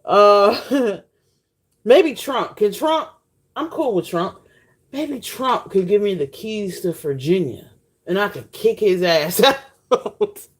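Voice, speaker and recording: Woman just talking to her viewers, slow and easy, cussing and laughing a lot. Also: medium pitch, lively intonation. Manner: frank, profane, laughs often; cooking while talking. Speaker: vlogger. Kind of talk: casual monologue to viewers.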